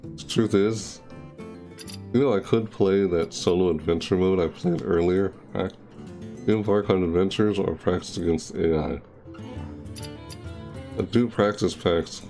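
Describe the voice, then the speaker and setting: A man's voice: deep voice, unhurried, gravelly, mellow, faint music behind. A young man chatting casually during a live game stream, rambling and repeating and correcting himself. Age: young adult. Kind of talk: casual live-stream chat over gameplay.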